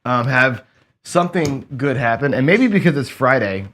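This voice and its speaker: A middle-aged man with a hoarse voice, hosting a casual gambling show and chatting loosely with many fillers and restarts. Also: mid-range voice, animated, normal speed, fairly bright tone. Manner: rambling, filler-heavy, frequent restarts. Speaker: host.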